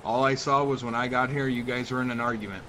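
A man's voice: medium pitch, steady tone, quick pace, noisy background, lightly acted. A man playing a firm, procedural police officer who questions a suspect and issues warnings in a game role-play. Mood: stern. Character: stern male police officer.

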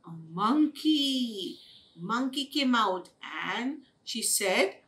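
A woman telling a children's story over an online session, expressive and sing-song. Her bright voice swings widely in pitch, and she takes her time with each line. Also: drawn-out words, recorded from a distance. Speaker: storyteller at a day care. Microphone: online webinar.

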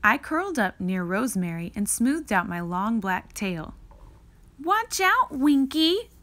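A woman reading a children's picture book aloud in a slow, expressive read-aloud manner. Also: medium pitch. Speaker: reader.

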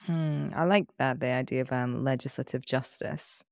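A podcast host asking curious follow-up questions and reacting quickly in a casual interview. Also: mid-range voice, steady tone, vocal fry, no echo, clean studio sound. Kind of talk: conversational interview.

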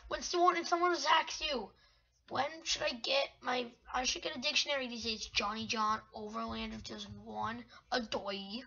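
Excitable high-voiced woman gaming, lo-fi. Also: moderate pace, vocal fry, breathy edge. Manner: excitable, rambling, talks to self. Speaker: gamer. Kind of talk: gameplay commentary. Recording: dull lo-fi recording.

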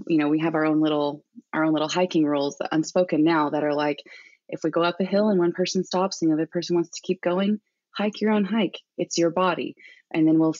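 A woman's voice: sits low, darkish tone, dry recording. A young adult woman from Arkansas, talking candidly as a guest in a casual podcast interview and laughing often. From Arkansas, USA. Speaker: guest hiker. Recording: dull dry remote audio.

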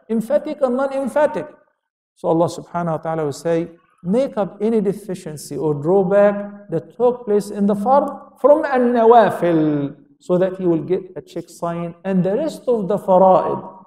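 A man's voice: high voice, dark tone. A man giving a religious lecture to an audience, asking questions and answering them himself, with quotations in Arabic. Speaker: Islamic lecturer. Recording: echoey hall, speaker far from mic.

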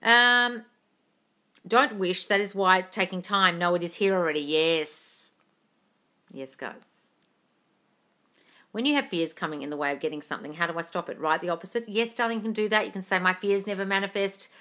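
A woman's voice: fairly low pitch, moderate pace, pauses often, bright, forceful tone. A woman answering viewer questions on a casual phone livestream from home. She reads comments aloud, swears freely and calls everyone darling. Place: at home with her cat.

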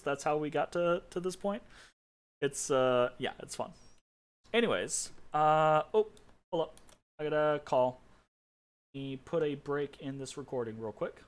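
A man's voice: fairly high pitch, unhurried, smooth. A man hosting a casual game playthrough, reading an in-game story aloud with amused asides and laughter. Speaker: let's play host.

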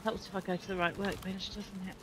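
A woman's voice: medium pitch, level tone, fairly quick. A woman from Britain chatting easily with friends during a multiplayer game. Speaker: gamer on a multiplayer stream. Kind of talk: casual gaming chat. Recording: noisy voice chat.

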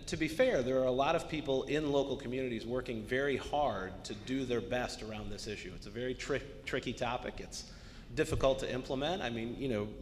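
Earnest man speaking on a panel. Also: mid-range voice. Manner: earnest, emphatic, repeats key words. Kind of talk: panel discussion remarks. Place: arts center event space. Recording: long hall reverb, faint noise.

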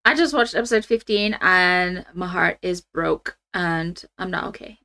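A young woman hosting a reaction channel, chatting casually and ranting in an animated, exasperated way with laughs and fillers. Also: on the low side, measured pace, hardly any pauses. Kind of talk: casual reaction chat to camera.

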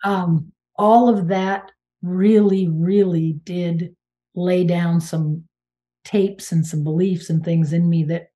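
A woman from Maine in her sixties, a guest medium telling her story in a casual interview, animated and emphatic with exclamations and restarts. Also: on the low side, slow pace. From Maine, United States.

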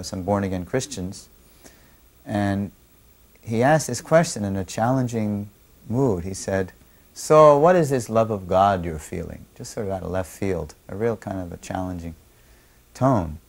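A man recalling an event in a measured way, pausing to explain what it meant. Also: on the low side, a little mellow. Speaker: devotee recalling memories. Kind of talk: reflective storytelling.

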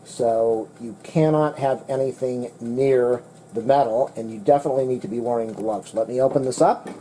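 A man's voice: mid-range voice, mellow, slight background noise, poor audio. A man in his home kitchen giving a casual, methodical product review while he demonstrates the appliance. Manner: plain, methodical, talks while demonstrating and eating.

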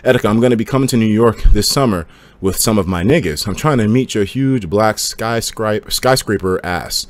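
A young man livestreaming and reading chat, slangy and profane, swinging between hyped outbursts and low mumbling. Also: brisk, no room sound.

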